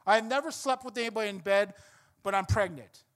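A man's voice: high-pitched, fast talker, fairly bright tone. A man acting out a young daughter earnestly insisting on her story. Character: teenage daughter insisting she is pregnant.

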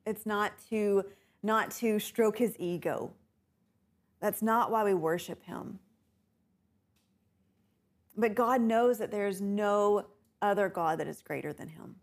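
A woman teaching a bible class, unhurried and often laughing with her students. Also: medium pitch. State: tickle in throat, coughing.

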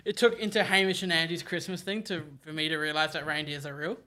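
Man, commentary host, casual, slightly high voice, explains and organizes. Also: little pitch movement, quick pace, pushed and bright, no echo. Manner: organizes the group, talks through setup. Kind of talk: casual movie commentary with friends.

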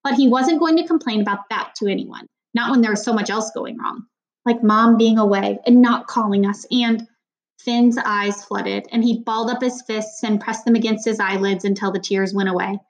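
A woman's voice: on the high side, moderate pace, poor audio. A woman reading a children's novel aloud, with small slips and restarts. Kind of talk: audiobook narration of a children's novel.

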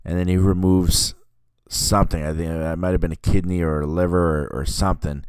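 A man's voice: sits low, level tone, fairly quick, darkish tone, smooth, no room sound. A man hosting a podcast, chatting casually about a film in a rambling way, full of fillers and self-corrections. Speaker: podcast host reviewing a film. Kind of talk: casual film review chat.

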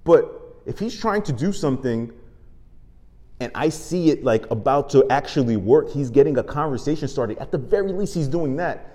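A man's voice: medium pitch, animated, normal speed, in a large hall. Impassioned, profane male ranter. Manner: impassioned, profane, swings from shouting to muttering. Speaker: show host. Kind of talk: comedic monologue rant.

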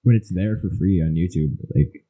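A man's voice: low-pitched, normal speed, dark tone. A young man co-hosting a podcast in casual chat, rambling through stories and acting out his own reactions. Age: young adult. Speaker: podcast co-host.

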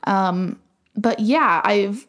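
A woman in casual podcast chat, telling a story in an animated way with plenty of fillers. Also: medium pitch, drawn-out words. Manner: chatty, animated retelling with many fillers.

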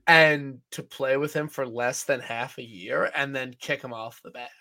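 A bright, forceful male voice on a casual golf-betting podcast. He talks excitably in quick bursts and swears freely. His pitch sits in the middle for a man. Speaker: podcast co-host. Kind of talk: casual sports-betting chat.

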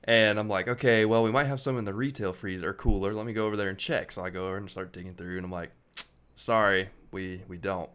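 A man co-hosting a casual podcast, telling a story in a relaxed way and laughing as he goes. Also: fairly low pitch, quick pace, smooth. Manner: laid-back, laughs while telling stories. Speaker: podcast co-host.

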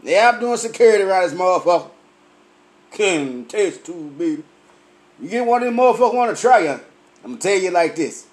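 Tipsy male vlogger, high and swooping voice, unhurried profane comic rant. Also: animated. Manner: profane, boisterous, laughing often. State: tipsy from drinking.

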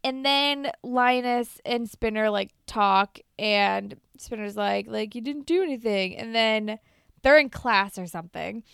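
A woman's voice: on the high side, unhurried, vocal fry, clear, resonant tone, no room sound, studio quality. A young woman co-hosting a podcast, animatedly retelling episode scenes and acting out the lines. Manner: animated retelling with quoted voices and swearing. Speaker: podcast co-host. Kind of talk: casual recap chat.

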